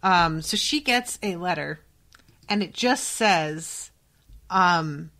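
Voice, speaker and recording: A woman with a somewhat low-pitched voice hosts a casual book-reaction podcast. She reads passages aloud between expressive, profane reactions. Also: takes it slowly. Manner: expressive and profane, swings between quiet reading and excited outbursts. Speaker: podcast host.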